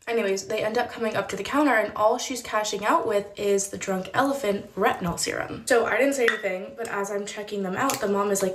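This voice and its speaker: A woman's voice: mid-range voice, fast talker, hardly any pauses, echoey room. A woman and former store employee telling a casual storytime vlog, chatty and full of "like" fillers, acting out the people she quotes. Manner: chatty, many "like" fillers, acts out quoted voices.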